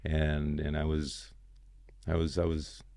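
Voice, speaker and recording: Low gravelly guy rambling through a story on a podcast, lots of "you know, man". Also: completely flat delivery, slow pace, warm tone, no room sound, studio quality. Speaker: podcast guest. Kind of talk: casual storytelling interview.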